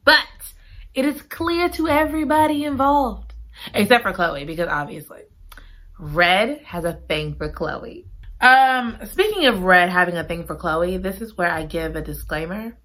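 A woman chatting through a book recap with a bright, forward voice. She gushes and giggles as she talks and piles up repeated exclamations. Her tone stays casual and conversational. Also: lowish voice, lively intonation, measured pace. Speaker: book reviewer.

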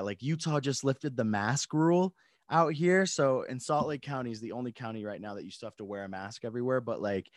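A man's voice: medium pitch, dry recording. A young man hosting a casual live stream from his home studio, laid-back, laughing often and swearing freely. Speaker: podcast host.

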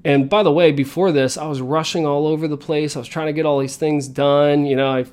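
A man's voice: a little high, fairly even intonation, brisk, darkish tone. A man in his thirties, a podcast host telling a story and coaching his listeners in an earnest motivational style. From United States.

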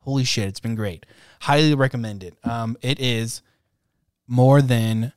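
A man's voice: mid-range voice, measured pace, dry recording, studio quality. Laid-back man chatting on a podcast. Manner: laid-back, self-deprecating, laughs often. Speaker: podcast co-host. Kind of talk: casual podcast chat.

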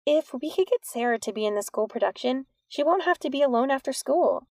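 Nervous teen schoolgirl, voiced by a woman. High, earnest, a bit gravelly. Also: expressive, fairly quick, darkish tone, no echo, clean studio sound. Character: anxious teenage schoolgirl, quick-minded.

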